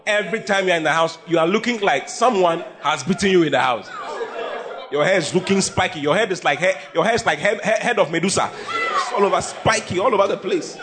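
A male pastor, preaching a humorous sermon, teasing and often shouting to his congregation. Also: high-pitched, brisk, a crowd in the background. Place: church before a live congregation. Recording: congregation noise behind the voice.

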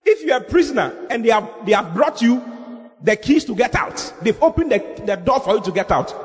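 A man preaching an evangelistic sermon, swinging from loud animated shouting to low, earnest scripture reading. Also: a little fast, big-room sound, faint music behind.

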